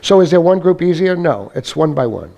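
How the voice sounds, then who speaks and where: A man's voice: a little high, big pitch swings, fairly quick, gravelly, dark tone. A man giving an informal spoken testimony to a church congregation, rambling and full of "you know" as he tells his story. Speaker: guest speaker sharing his testimony. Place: church meeting.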